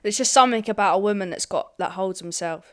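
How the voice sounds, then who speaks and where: A woman's voice: medium pitch, quick pace, dry recording, clean studio sound. A young Scottish woman co-hosting a podcast, chatting casually, swearing freely and laughing often. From Scotland. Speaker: podcast co-host. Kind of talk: casual chat.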